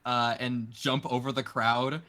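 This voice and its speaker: Slow, bright-voiced stammering man. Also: medium pitch, level tone, slight background noise. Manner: hesitant, stammering, giggly. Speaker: player. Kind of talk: casual play at a tabletop game.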